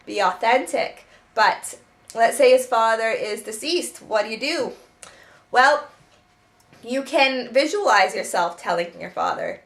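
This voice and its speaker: A woman's voice: a little high, lively intonation, measured pace, a bit bright. A woman who teaches self-help and writes children's books, giving spoken advice in an earnest way with many restarts.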